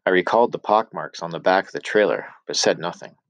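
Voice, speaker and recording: A man reading a novel chapter aloud as an audiobook narrator, steady storytelling with voiced dialogue. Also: low voice, fast talker, no echo, lo-fi sound. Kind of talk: scripted narration.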